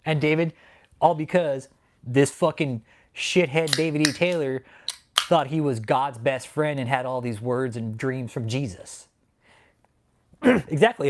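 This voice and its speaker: A man hosting a livestream who rants angrily with heavy swearing, swinging between loud outbursts and low grumbling while he reads out chat names. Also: measured pace, long pauses. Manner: angry, profane ranting. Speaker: channel host. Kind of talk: livestream commentary, reading chat.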